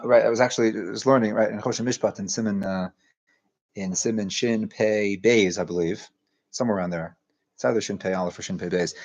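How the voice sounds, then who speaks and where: A rabbi teaching a Torah class talks his ideas through in a discursive way, restarting his sentences often and using Hebrew terms. His voice is fairly low in pitch with a darkish tone.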